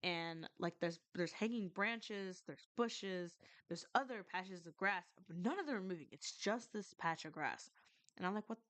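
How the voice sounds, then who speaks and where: A woman's voice: lowish voice, a little slow, fairly bright tone, dry recording. A woman casually telling a ghost story to her stream, rambling with many restarts and some swearing.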